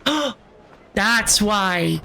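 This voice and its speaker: An excitable game streamer chatting casually over gameplay. The voice is bright and edged with gravelly fry, with a steady, mid-height pitch. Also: extremely slow, slight background noise.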